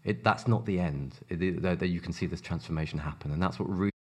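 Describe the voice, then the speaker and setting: A man with a South African accent, a charity worker who speaks earnestly in an interview, animated and often repeating words as he restarts. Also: deep voice, fast talker, slightly rough. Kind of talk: earnest conversational interview talk.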